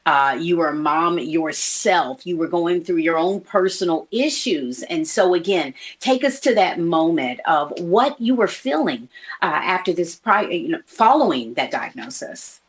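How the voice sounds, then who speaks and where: A woman's voice: on the low side, animated, a little slow. A woman hosting a church interview, asking probing questions and encouraging her guest. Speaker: host.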